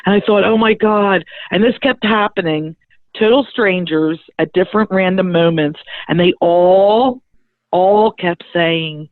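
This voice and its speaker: A middle-aged woman, a spiritual medium and guest, telling her story in a lively, chatty way and acting out the conversations in it. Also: lowish voice, a little slow, no room sound. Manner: lively, chatty, acts out the dialogue in her stories. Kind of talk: animated personal storytelling. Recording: thin phone-like dry sound.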